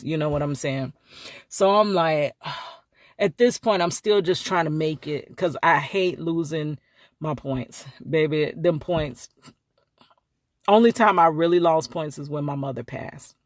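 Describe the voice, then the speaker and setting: A woman's voice: no echo, studio quality. A woman telling a story to camera in a casual vlog, acting out each person with big jumps in her voice and laughing often. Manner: animated, acts out quotes with big pitch jumps, laughs often.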